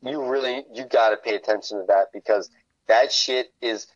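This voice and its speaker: A man's voice: medium pitch, normal speed, muffled recording. A man, a podcast guest, in casual chat, telling stories in a rambling, profane way.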